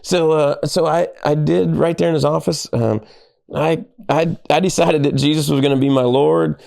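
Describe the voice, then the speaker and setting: A middle-aged man, a pastor and podcast guest, telling animated stories in casual conversation and acting out the lines of people he quotes. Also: on the high side, normal speed, vocal fry.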